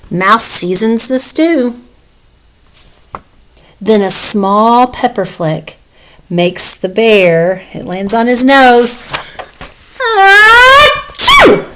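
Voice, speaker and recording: A woman reading a picture book aloud to young children as their teacher. She reads very slowly and expressively in a slightly high voice, stopping now and then to ask them questions. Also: slight background noise, poor audio.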